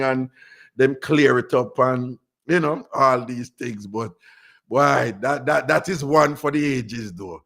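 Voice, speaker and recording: A man hosting a radio show, telling a story in casual chat, animated and laughing often. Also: medium pitch, measured pace, vocal fry. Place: radio studio.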